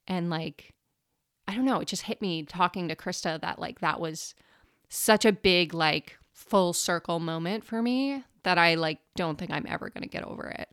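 A woman's voice: fairly low pitch, lively intonation, moderate pace, fairly bright tone, smooth, no echo, studio quality. A woman co-hosting a podcast as an energy healer, telling stories in casual chat with lots of filler words. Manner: chatty, filler-heavy storytelling.

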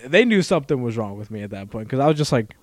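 A young man co-hosting a podcast, telling a story in a rambling, halting way, full of fillers and loudly acted-out quotes. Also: mid-range voice, sing-song, no echo. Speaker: podcast co-host. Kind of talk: casual chat, storytelling.

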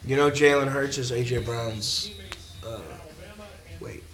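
A man hosting a podcast, chatting casually and excitably about football in a slangy, trash-talking way. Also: medium pitch, slow pace. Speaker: podcast host. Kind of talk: casual sports chat while watching a game.

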